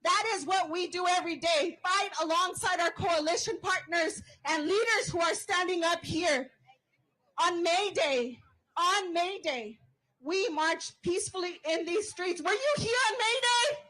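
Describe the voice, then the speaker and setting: A woman's voice: very high voice, measured pace, sharp tone, rough recording. A woman giving an impassioned protest rally speech outdoors, leading call-and-response chants as a union member.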